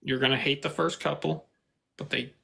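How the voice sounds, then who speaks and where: A man in an online debate who reads tax figures aloud in a hesitant, halting way. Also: on the high side, steady tone, vocal fry, bright, forceful tone, husky, poor audio. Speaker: debate opponent.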